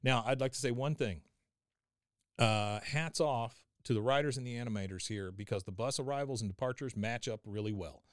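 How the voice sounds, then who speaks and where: Male podcast host, animated episode recap, clean resonant tone, dry close mic. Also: mid-range voice, fairly quick, no room sound. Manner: animated retelling, acts out lines, laughs often. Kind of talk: casual recap of a cartoon episode.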